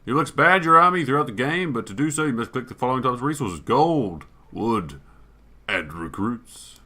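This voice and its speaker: Male let's player, bright tone, casual and profane, reading game prompts aloud. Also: medium pitch. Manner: thinks aloud, swears, reads on-screen text. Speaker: gaming YouTuber. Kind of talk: let's play commentary.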